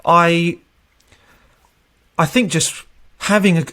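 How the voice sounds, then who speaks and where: Being interviewed, a tech recruiter in his thirties tells stories loosely and chattily, laughing often and acting out what people said. His voice is a little high and sharp, slow, with fairly even intonation.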